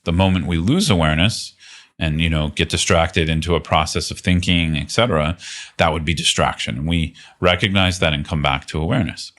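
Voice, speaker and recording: A man teaching meditation in a relaxed, thoughtful way, pausing with fillers and restarting his phrases. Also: sits low. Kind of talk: casual teaching talk.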